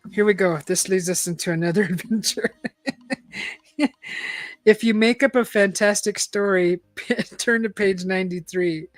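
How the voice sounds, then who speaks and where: A woman's voice: medium pitch, no room sound. Chatty woman reading aloud. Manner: chatty, laughs often, animated exclamations. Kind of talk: casual live-stream book reading.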